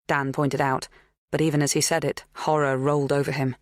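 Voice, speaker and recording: An audiobook narrator reads a thriller in an even, measured voice of middle pitch. The sound is dry and close, with no room echo.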